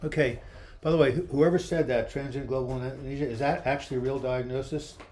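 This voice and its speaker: A man with a mid-range, slightly mellow voice speaks fairly quickly in a steady tone. He's hosting a casual webcam livestream, chatting, reading viewer comments aloud, and joking as he answers their questions, though his voice is starting to give out.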